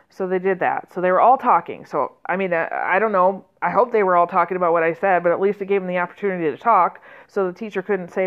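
A woman trainer telling a personal story in a conversational way, with fillers and restarts and lively quoted speech. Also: fairly low pitch, fast talker, hardly any pauses, lo-fi sound. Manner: conversational, many fillers and restarts, animated quoting.

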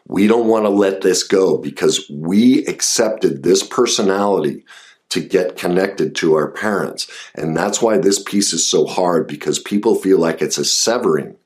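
A man giving an earnest self-help talk on grief and anger, coaching the listener directly. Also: low voice. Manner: earnest, coaching, rises sharply when voicing anger. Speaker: therapist or self-help speaker.

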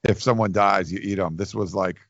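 A man with a low, gravelly voice chats casually as a podcast co-host. He rambles and restarts his sentences. The sound is dry and dull, like a lo-fi recording. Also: fairly even intonation, a little fast, no room sound. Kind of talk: casual chat.

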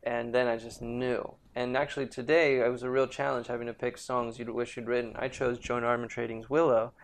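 A man's voice: medium pitch, little pitch movement, brisk. A man who is a musician, chatting on a podcast and telling loose, rambling stories. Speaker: guest musician. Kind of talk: casual podcast chat.

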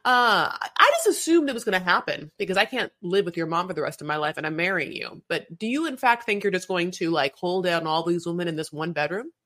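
A woman's voice: lowish voice, quick pace, few pauses, fairly bright tone. A woman co-hosting a podcast, chatting casually and animatedly, rambling and slipping into playful quoted voices. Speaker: podcast co-host. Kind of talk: casual chat recapping a reality show.

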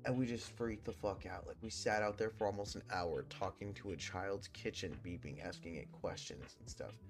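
A man's voice: on the low side, normal speed, soft background music. A young man hosting a podcast, rambling through a personal ghost story with lots of swearing and fillers. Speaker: podcast host. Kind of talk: casual storytelling.

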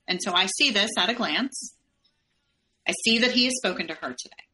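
Woman guest on a podcast, bright clear voice, walks through what happened step by step. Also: mid-range voice, animated, fairly quick, rough recording. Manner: recounts events step by step in the present tense. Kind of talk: personal storytelling.

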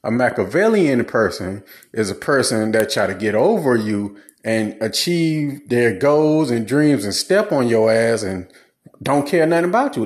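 Man, blunt advice monologue, preachy, repetitive, animated intonation. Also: mid-range voice. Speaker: commentator giving relationship advice. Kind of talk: casual monologue.

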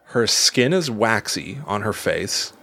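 A man's voice: lowish voice, creaky. A man co-hosting a podcast, telling a story in casual chat with lots of restarts, fillers and laughs. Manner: animated, halting storyteller with many restarts and laughs. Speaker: podcast co-host.

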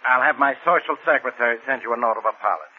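An actor playing a short-tempered police inspector, curt and sarcastic, in a 1940s radio drama. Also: male voice, mid-range voice, rapid-fire, slightly rough, natural voice. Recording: tinny old radio broadcast.

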